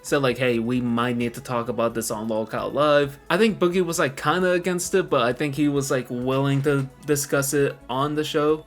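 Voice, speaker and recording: A man's voice: mid-range voice, moderate pace, soft background music. A man giving casual commentary on online drama, swearing and correcting himself as he goes.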